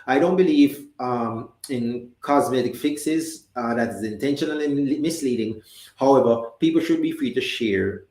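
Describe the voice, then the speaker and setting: A man's voice: medium pitch, normal speed, darkish tone, echoey room. A man with a Jamaican accent hosting a live talk show, chatting conversationally and reading out viewer comments. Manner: conversational, reads viewer comments, many restarts and fillers.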